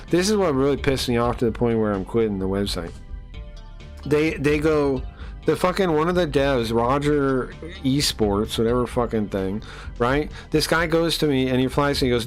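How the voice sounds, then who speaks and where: Male streamer, mid-pitched, venting at a desk mic, faint music underneath. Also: lively intonation, normal speed. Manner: exasperated, incredulous, talks to chat with many fillers. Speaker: live streamer. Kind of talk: casual live-stream rant.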